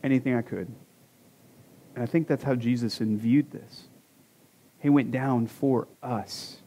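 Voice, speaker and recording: A man's voice: medium pitch, steady tone, takes it slowly, warm tone, a little hiss or hum. A man in his forties preaching a conversational sermon as a pastor, with self-deprecating jokes and rhetorical questions to the congregation. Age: 40s. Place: church sanctuary.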